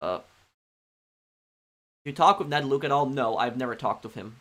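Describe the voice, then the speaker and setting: A man's voice: medium pitch, expressive, a bit bright. Rambling male game streamer. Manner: rambling, halting, many ums and restarts. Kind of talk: casual chat answering viewers.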